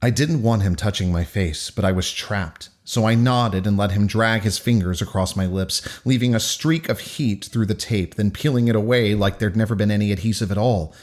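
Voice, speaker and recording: A man reading a novel aloud for a podcast in an expressive audiobook style, breaking off to joke between takes. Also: lowish voice, normal speed, hardly any pauses.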